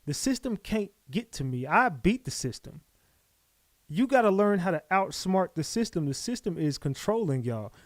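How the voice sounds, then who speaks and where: A man hosting a casual livestream, loose and chatty, giving repeated shout-outs to his viewers. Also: high voice, big pitch swings, normal speed, no echo. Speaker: livestream host.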